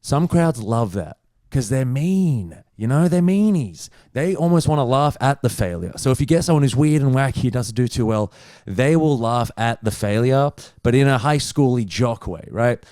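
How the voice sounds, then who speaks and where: A young man, a stand-up comedian, telling a story in casual chat, animated and swearing freely. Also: mid-range voice, moderate pace, hardly any pauses, no echo, clean studio sound. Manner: animated, swears freely, acts out other people's lines.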